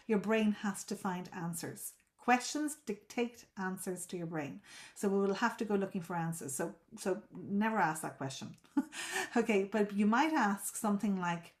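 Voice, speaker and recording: A woman's voice: mid-range voice, lively intonation, normal speed. A woman coaching a group on a live video call, explaining at length. She often repeats and restarts words and checks whether listeners follow.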